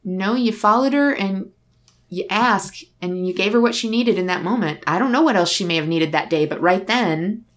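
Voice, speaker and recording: At a medium pitch and moderate pace, a woman recounts something from her own life in casual conversation. She's candid and reflective, voicing the dialogue in her story.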